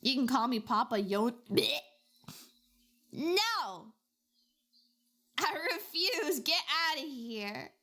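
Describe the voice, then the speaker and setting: A woman streamer chatting casually with her chat while drawing, with dramatic, expressive reactions. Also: high-pitched, takes it slowly, pauses often.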